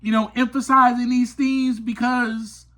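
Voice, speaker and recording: A man hosting a podcast, telling a personal story in an earnest, emphatic monologue that climbs to passionate peaks and drops to quiet asides. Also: very high voice, flat delivery, measured pace. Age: adult. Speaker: podcast host.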